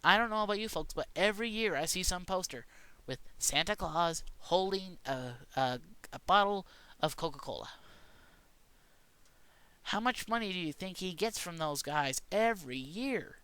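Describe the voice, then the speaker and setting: Bright, crisp-voiced man ranting. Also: high-pitched, lively intonation, normal speed, dry recording. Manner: rambling mock-conspiracy rant, many restarts. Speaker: vlogger. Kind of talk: casual joking monologue.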